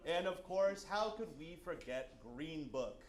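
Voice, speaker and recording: A man doing a stand-up bit as a confidently wrong film critic, deadpan, on a stage before a live audience. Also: on the high side, measured pace. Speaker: comedian playing a film critic. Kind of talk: live sketch comedy. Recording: roomy stage sound with crowd.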